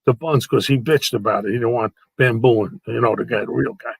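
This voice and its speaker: A man's voice: medium pitch, steady tone, brisk, creaky, breathy edge, no room sound, rough recording. A man, a guest entertainer telling brash, comic show-business stories with salty language over a video call. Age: 80s. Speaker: guest, actor and nightclub entertainer. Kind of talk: anecdotal storytelling.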